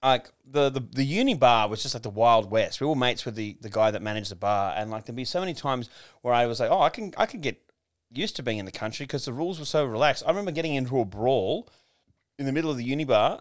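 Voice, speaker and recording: A man with an Australian accent telling lively stories in a casual chat, laughing often. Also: medium pitch, quick pace. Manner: animated storyteller, laughs often. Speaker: podcast co-host or guest.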